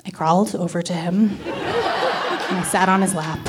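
A woman from Miami in her thirties telling a candid personal story to a live audience, with wry, deadpan comic timing. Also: mid-range voice, a little slow, heavy background noise. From Miami, Florida.

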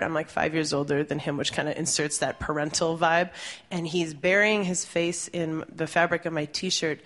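A woman's voice: on the low side, fairly bright tone. A woman telling a personal story on stage, conversational and amused, laughing as she goes. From Puerto Rican family.

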